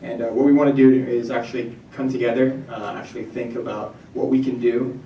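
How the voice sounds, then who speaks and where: A man's voice: mid-range voice, fairly even intonation, a little fast, slight background noise. A man addressing a gathering as an organizer, hesitant and full of fillers. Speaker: community organizer. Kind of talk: short speech to a gathering. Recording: echoey, distant, dull room recording.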